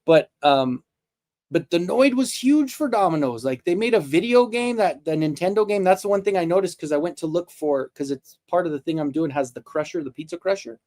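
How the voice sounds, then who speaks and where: This forties-aged toy show host has a slightly high, darkish voice with lively intonation and a brisk pace. On his live stream he chats in a relaxed, jokey way, wandering off topic and frequently starting sentences over.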